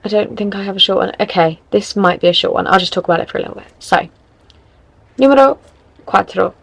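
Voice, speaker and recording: A woman's voice: mid-range voice, steady tone, racing, husky, no room sound, low-quality recording. A tired young woman hosting a podcast, giving frank, rambling advice in casual chat. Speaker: podcast host.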